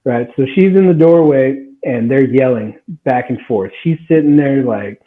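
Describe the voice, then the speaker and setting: A man's voice: medium pitch, normal speed. A man in his twenties casually telling a story on a podcast, laughing and acting out what people said. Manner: animated, laughing, acts out quotes. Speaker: guest storyteller. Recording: tinny phone-like sound.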